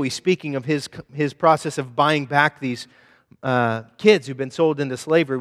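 A man preaching a sermon as a pastor, swinging between hushed asides and loud exhortation. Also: on the high side, normal speed, big-room sound.

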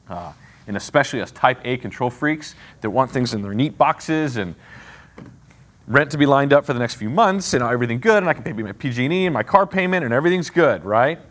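A man leading a casual Bible study, teaching conversationally and often checking in with "right?" and "okay?". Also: medium pitch.

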